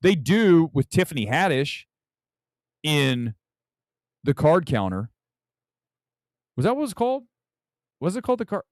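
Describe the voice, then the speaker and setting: Loud, lively-voiced man hosting a livestream. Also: on the high side, a little slow, long pauses, no room sound, clean studio sound. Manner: loud, profane, rambling. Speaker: movie talk show host. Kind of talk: casual livestream chat.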